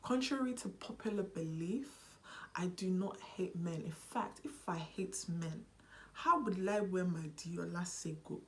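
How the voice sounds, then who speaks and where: A young British woman chatting on her vlog in an animated, playful way, switching between a British and a Nigerian accent. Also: fairly low pitch, unhurried. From United Kingdom. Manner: animated and unserious. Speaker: vlogger. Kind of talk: casual vlog chat.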